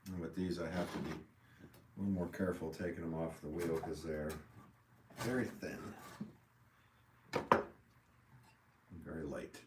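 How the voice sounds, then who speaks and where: A man's voice: a bass voice, a little slow, pauses often. A man, a potter, chatting casually and self-deprecatingly with viewers during a live stream while he works. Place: pottery studio. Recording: echoey room, mic at a distance, background noise.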